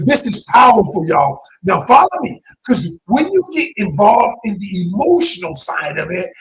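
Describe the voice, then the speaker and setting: Guy coaching on relationships, high voice that swings all over, keeps repeating himself for emphasis. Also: slight background noise, low-quality recording. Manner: emphatic, repeats key phrases, addresses listeners directly. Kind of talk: motivational teaching talk.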